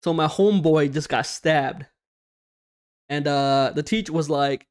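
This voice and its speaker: A young man hosting a casual storytime vlog, slangy and animated, swearing often and acting out what people said. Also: fairly high pitch, a little slow, clean tone. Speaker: storytime YouTuber.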